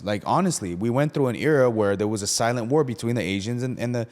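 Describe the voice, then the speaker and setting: A man's voice: medium pitch, fast talker, hardly any pauses, a little mellow. A young man, a pastor, talking casually on a podcast, full of fillers and acted-out quotes. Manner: conversational, many fillers, acts out quotes.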